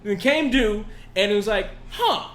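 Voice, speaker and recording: A man's voice: high-pitched, brisk, a bit bright, echoey room. A man co-hosting a casual podcast, telling a laid-back story with laughs and swearing. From California. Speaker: podcast co-host. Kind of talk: casual chat.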